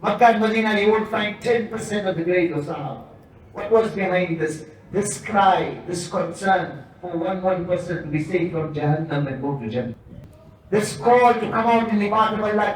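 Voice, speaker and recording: Fervent high-voiced preacher in echoing hall. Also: male voice, slight background noise. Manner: fervent, repetitive, swells from hushed pleading to shouting. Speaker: Islamic preacher. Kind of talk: impassioned sermon. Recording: echoey hall from far off.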